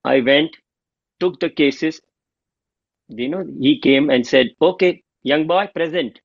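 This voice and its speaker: A middle-aged man, a homeopath guest telling an animated story and acting out the dialogue. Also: fairly high pitch, takes it slowly, vocal fry, no echo. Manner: animated, acts out quoted dialogue. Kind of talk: storytelling interview. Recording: dull lo-fi dry sound.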